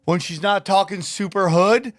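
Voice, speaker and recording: High-voiced joking podcast host, man. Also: normal speed, no echo. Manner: animated, joking, swearing. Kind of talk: casual podcast chat.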